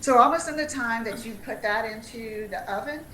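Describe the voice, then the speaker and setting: A woman's voice: on the high side, a little fast, pushed and bright, slight background noise. Chatty Southern woman in an echoey room. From Tennessee. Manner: upbeat, laughs often, chatty. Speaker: dietitian, featured speaker. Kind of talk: casual livestream talk.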